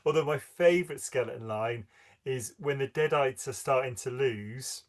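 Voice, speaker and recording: A man's voice: mid-range voice, normal speed. A man, co-hosting a casual film podcast and laughing as he retells favourite scenes. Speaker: podcast co-host.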